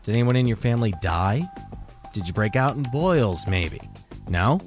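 A man's voice: fairly low pitch, expressive, normal speed, soft background music. A man hosting a podcast, delivering an impassioned opinion rant full of rhetorical questions. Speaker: podcast host.

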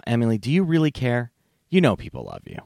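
A man hosting a comedy podcast, animated and laughing, with casual swearing. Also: medium pitch, normal speed, gravelly, dry recording, studio quality. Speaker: podcast host.

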